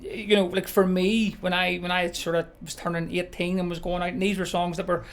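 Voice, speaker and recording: A man's voice: sits high, level tone, brisk. A man from Northern Ireland co-hosting a wedding DJ podcast, rambling in casual chat with many fillers. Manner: rambling, lots of you know and sort of.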